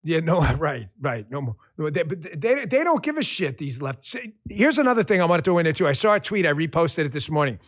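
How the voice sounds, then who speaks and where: A man's voice: fairly high pitch, big pitch swings, fairly quick, hardly any pauses. Combative man hosting a podcast. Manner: combative, mocking, shouts insults then drops to muttered asides. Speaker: podcast host. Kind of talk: political commentary.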